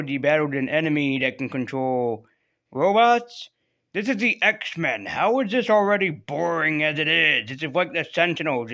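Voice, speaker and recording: A man's voice: fairly high pitch, sharp tone. A man casually reviewing comic books in a rambling, sarcastic way, swearing freely.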